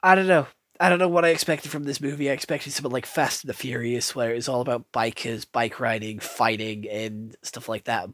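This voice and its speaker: A man's voice: medium pitch, a bit bright, no echo. A man giving a casual, rambling film review, blunt and sweary, full of fillers.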